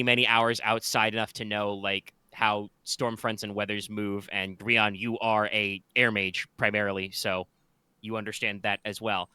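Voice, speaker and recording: A man's voice: lowish voice, pushed and bright, clean tone, dry recording. A man running a tabletop game as game master, rambling a little with fillers and restarts as he describes the scene.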